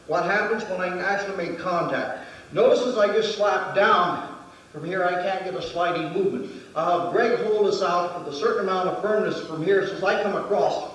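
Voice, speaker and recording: The speaker is a martial arts instructor with a high-pitched voice, teaching a weapons demonstration step by step and counting each move aloud. Recorded from a distance in a very echoey hall, the clip has a bit of hiss or hum.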